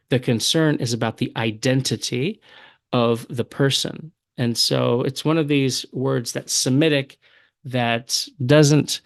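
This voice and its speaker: Guy teaching a bible study, reads verses out slow then explains, um-ing a bit, dry close sound. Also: medium pitch, no room sound. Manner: explains patiently, reads aloud in Syriac, some fillers. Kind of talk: recorded lecture.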